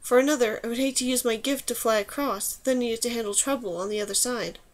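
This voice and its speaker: A woman voicing a brave, wry young woman archer in an audiobook, quiet and steady in her speech. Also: on the high side, fast talker, close to an everyday voice. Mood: calm. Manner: quiet and steady, yelling under threat. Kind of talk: audiobook character reading.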